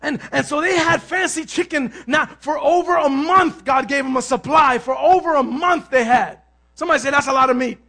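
A male pastor preaching a sermon, swinging from hushed asides to shouted emphasis and acting out other people's complaints. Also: very high-pitched, normal speed. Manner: acts out complaining voices of others.

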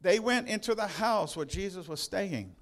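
A male pastor preaching a sermon in church, retelling Bible passages with emphatic, drawn-out stresses and touches of humor. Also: high-pitched, expressive.

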